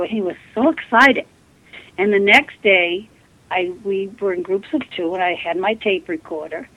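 A spiritualist medium, guesting on a radio interview, earnestly recounts her experiences in a medium-pitched, slightly bright voice. The recording quality is low.

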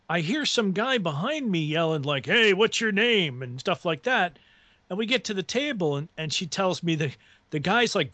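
A man with a fairly high voice tells a casual, rambling story as a guest on a talk radio show. He chuckles often and restarts his phrases. The sound is close and dry, with no room around it. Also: fairly bright tone, no room sound.

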